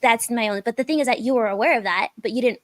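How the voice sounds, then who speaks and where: Woman participant, reflective, halting, slightly high pitch, dry close recording. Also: dry recording. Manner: reflective, searching for words with restarts. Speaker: group participant. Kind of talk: casual group discussion.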